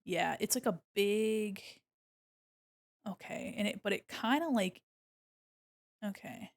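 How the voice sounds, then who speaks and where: A young woman streaming as she draws, chatting casually and muttering softly to herself as she works. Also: medium pitch, slow pace, gravelly. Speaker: streamer drawing live. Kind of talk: casual chat while drawing.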